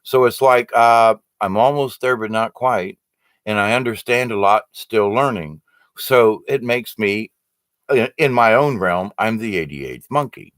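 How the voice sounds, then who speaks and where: A man's voice: fairly low pitch, measured pace, a bit bright, no room sound. A man hosting a casual spiritual livestream, reading out viewer comments and talking them through in an earnest, rambling way full of fillers and restarts.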